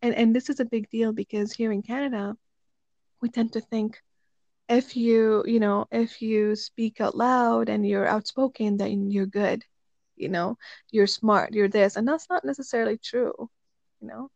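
Woman, casual chat, animated storytelling, dry sound, parent. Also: a little high, measured pace, gravelly, no echo, dull audio. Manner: animated storyteller who acts out quotes.

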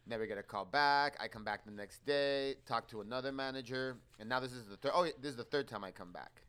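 A young man on a podcast telling a story in casual chat, animated and swearing as he acts out his quoted exchanges. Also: medium pitch, a little fast, clean tone.

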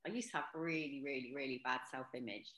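Low voice woman guest on a podcast, earnest, lots of ums, kinda roomy echo. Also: fast talker, fairly bright tone. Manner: earnest, reflective, with frequent ums and restarts. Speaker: podcast guest, mental health advocate. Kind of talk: casual podcast interview.

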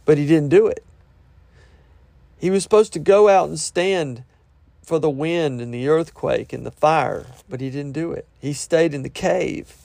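Gravelly-voiced man preaching from scripture. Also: a little high, unhurried, a little mellow, no room sound. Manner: reads verses then breaks off to explain in plain talk. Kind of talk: sermon reading and explaining scripture.

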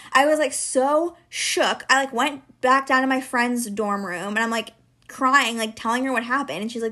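A woman's voice: a little high, normal speed, pushed and bright. A woman in her twenties, a podcast co-host, telling a long personal story in casual chat, with lots of "like" fillers. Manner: chatty, heavy use of filler "like".

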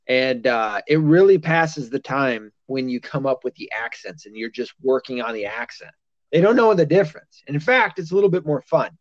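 A man's voice: medium pitch, dry recording, lo-fi sound. A man in his thirties hosting a podcast in a casual chat, swearing freely and laughing often. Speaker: podcast host.

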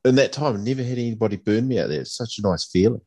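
A man, co-hosting a podcast and recalling things in a relaxed, rambling way. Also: lowish voice, racing, slightly rough. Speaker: podcast co-host. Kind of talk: casual chat.

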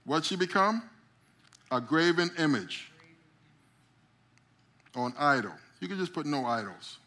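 With a fairly high pitch and a measured pace, this middle-aged man guides a group through memory drawing. He brings the lesson to life by acting out small stories in character voices.

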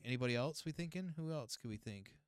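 A man's voice: medium pitch, lively intonation, quick pace, smooth, dry recording, clean studio sound. A man co-hosting a gaming podcast, joking and rambling in casual chat. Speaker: podcast co-host.

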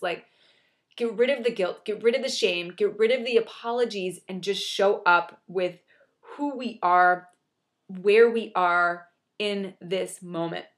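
Brief: young adult woman, motivational talker, earnest and encouraging, mid-pitched voice. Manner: earnest, encouraging, repetitive emphasis. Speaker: motivational speaker. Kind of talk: motivational monologue.

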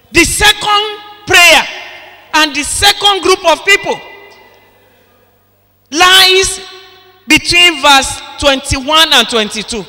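A man preaching a sermon in an impassioned way, often breaking into shouts. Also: very high voice, animated, slow, long pauses. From Nigeria. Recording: long hall reverb.

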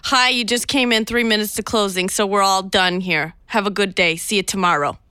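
A woman's voice: mid-range voice, fairly even intonation, fairly quick, smooth, no room sound, studio quality, natural voice. A woman putting on a brusque New bank teller, pushing a customer out at closing. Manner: loud, pushy, shooing.

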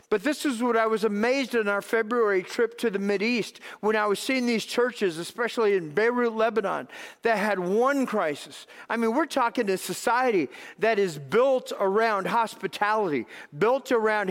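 A man preaching a sermon as pastor, conversational and animated, often repeating words as he builds a point. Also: sits high, a little slow. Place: church sanctuary. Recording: reverberant church hall.

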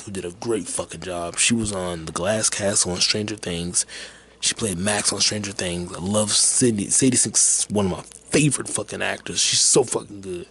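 A podcast host talking loosely about a film he watched, his voice sitting low. He rambles, stacks up fillers and swears freely. A faint hiss runs under the recording. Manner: rambling, profane, laid-back, with many fillers. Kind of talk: casual movie chat.

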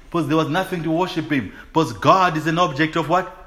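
A man preaching a sermon in call-and-response fashion, often asking his listeners to agree, with bursts of shouting and laughter. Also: a little high, fast.

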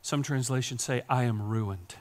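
A man preaching a sermon, swinging from hushed whispers to loud, impassioned preaching. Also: medium pitch, normal speed. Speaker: pastor.

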